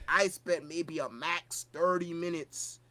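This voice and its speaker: A podcast co-host slowly tells a convention story in casual chat. The delivery is animated and profane, jumping between loud bursts and low mutters.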